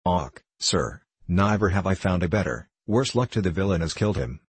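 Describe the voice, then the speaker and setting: A man's voice: low voice, expressive, normal speed, husky, no echo, full character voice. A man voicing a portly, nervous Irish woman cook who rambles and pleads, with an Irish accent, in a storybook reading. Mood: flustered.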